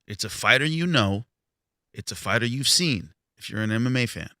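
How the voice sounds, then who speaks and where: Bright-voiced man telling a story on a panel. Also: mid-range voice, lively intonation, moderate pace, dry recording, studio quality. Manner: storytelling, acts out quoted voices. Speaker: boxing show host. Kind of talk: animated panel chat.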